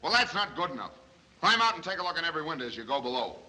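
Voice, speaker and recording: A man playing a brash, impatient police inspector in a 1930s film, gruff and wisecracking as he barks orders. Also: on the high side, big pitch swings, very fast, sharp tone, exaggerated voice, rough recording.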